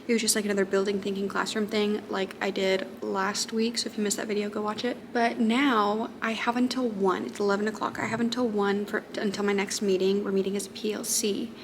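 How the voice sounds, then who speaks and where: A woman who teaches high school math, chatting casually to camera in a self-deprecating way and laughing often. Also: flat delivery, fairly quick, few pauses. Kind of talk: casual vlog chat. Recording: noticeable background noise.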